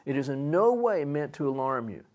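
Older man for a pastor role, high-pitched, folksy sermon delivery. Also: very animated, moderate pace, a little mellow. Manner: folksy, self-mocking, with prop demonstrations.

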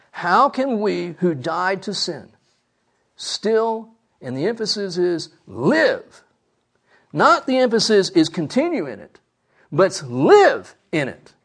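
A man preaching a sermon, emphatic, asking the congregation rhetorical questions. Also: sits high.

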